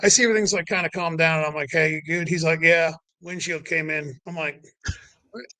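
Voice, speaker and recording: A man tells racing stories in a loose, animated way as an interview guest. His voice is bright and sits a little high for a man. He peppers his talk with fillers and acts out what people said. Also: quick pace, rough recording. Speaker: race car owner and guest. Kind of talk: casual storytelling interview.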